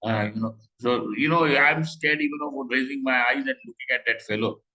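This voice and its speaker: A middle-aged man giving a scripture class, talking conversationally with rhetorical questions and slow Sanskrit quotes. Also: mid-range voice, pushed and bright, poor audio. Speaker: Vedanta teacher.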